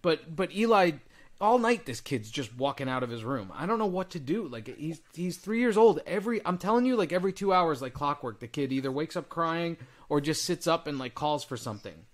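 A man with a slightly raised pitch, chatting casually on a podcast. He tells family stories with animated delivery and mimics his children's voices. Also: a little fast. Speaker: podcast co-host. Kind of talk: casual chat.

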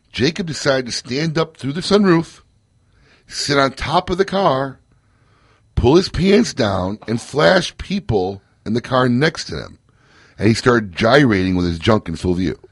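A man's voice: medium pitch, big pitch swings, normal speed, breathy edge, no room sound. A man hosting a casual radio talk show, joking, laughing often and telling stories with energy. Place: radio studio.

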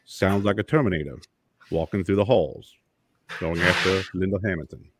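Deep-voiced man joking on a talk show. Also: moderate pace, noisy background. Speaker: radio show co-host. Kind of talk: casual chat.

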